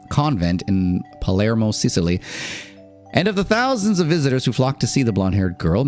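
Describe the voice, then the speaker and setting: A man's voice: fairly low pitch, darkish tone. A man streamer reading an article aloud on a live stream, with casual asides and laughs in between.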